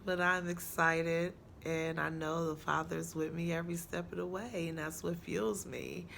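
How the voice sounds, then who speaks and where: Woman, young adult, casual storytime, slow pace, bright tone, chatty, laughs often. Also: lowish voice, fairly even intonation, vocal fry, slight background noise. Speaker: storyteller vlogger.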